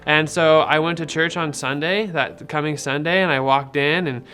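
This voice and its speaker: Bright-voiced young man telling his story. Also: on the high side, steady tone, moderate pace, soft background music. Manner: rambling and conversational, many fillers and retold dialogue. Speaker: person sharing a faith testimony. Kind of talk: casual personal testimony.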